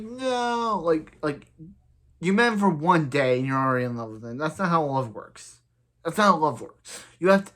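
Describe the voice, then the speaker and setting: A man's voice: on the high side, fairly bright tone. Rambling young man reviewing a TV episode. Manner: rambling, exasperated, lots of filler words. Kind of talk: casual reaction review.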